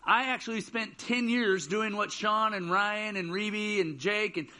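A man's voice: sits high, steady tone, a little slow, bright, forceful tone. A man in his thirties giving a casual youth sermon in church, telling jokey stories. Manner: casual, joking storyteller. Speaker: student ministry speaker. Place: church auditorium.

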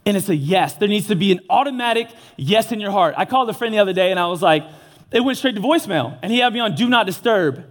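A man's voice: sits high, lively intonation, fast. A young man giving an earnest, casual sermon, mixing slang into his preaching. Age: young adult.

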